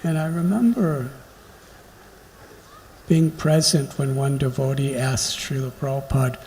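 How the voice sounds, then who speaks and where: A man giving a devotional lecture, telling stories slowly and reflectively with emphatic pauses. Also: medium pitch, fairly even intonation, a little mellow. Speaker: spiritual lecturer. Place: temple hall during a pilgrimage. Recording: long hall reverb, faint background noise.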